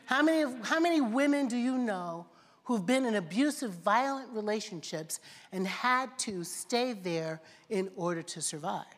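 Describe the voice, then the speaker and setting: A woman preacher delivering a sermon in rhythmic, repeated phrases, asking the congregation questions. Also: fairly high pitch. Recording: long reverb of a large hall.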